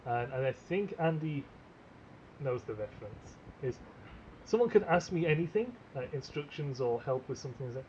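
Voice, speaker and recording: Wry, lively man podcast co-host. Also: medium pitch, normal speed, slight background noise. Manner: wry, lively, swears casually. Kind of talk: casual chat. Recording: dull lo-fi podcast audio.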